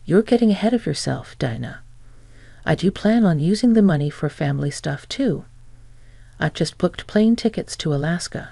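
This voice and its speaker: A woman's voice: fairly low pitch, lively intonation, normal speed, vocal fry, warm tone, no room sound. A woman voicing a smug entitled mother-in-law. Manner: nonchalant, taunting.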